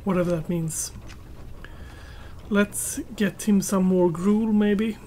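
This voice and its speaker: A woman's voice: on the low side, steady tone, slow pace, mellow, a little hiss or hum. A woman giving casual gameplay commentary, muttering to herself and chatting to her tamed pets as she plays.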